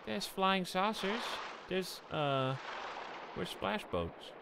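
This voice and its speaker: A man streaming a game live, reacting excitably and bantering with his chat. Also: high-pitched, extremely slow, gravelly, background noise.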